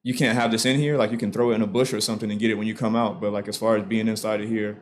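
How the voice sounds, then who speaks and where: A man's voice: on the low side, little pitch movement, racing. A young man co-hosting a podcast, talking in a laid-back way and filling his sentences with "like". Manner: laid-back, filler-heavy, many "like"s. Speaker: podcast co-host. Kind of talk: casual chat, storytelling.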